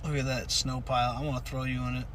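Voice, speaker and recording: A man hosting a podcast in casual chat from a parked car, excitable, laughing often and swearing freely. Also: mid-range voice, fast, slight background noise. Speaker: podcast host.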